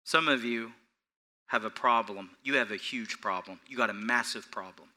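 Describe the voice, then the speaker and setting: A pastor preaching an earnest, animated sermon in a church, repeating phrases for emphasis and chuckling between points. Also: male voice, medium pitch, normal speed.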